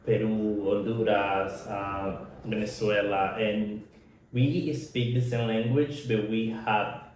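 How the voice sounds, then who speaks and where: Nicaraguan-accented man, low voice, earnest chat, very echoey room. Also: level tone, darkish tone, a little hiss or hum. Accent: Nicaraguan Spanish. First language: Spanish. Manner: earnest, laughs often, halting in his second language. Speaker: podcast co-host. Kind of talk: casual chat.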